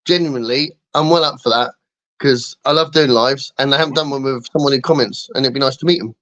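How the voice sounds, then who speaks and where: The guest co-host is a middle-aged English man from England whose medium-pitched, slightly bright voice comes quickly over dull audio. On the live stream he chats casually, rambling, making fun of himself, and laughing frequently.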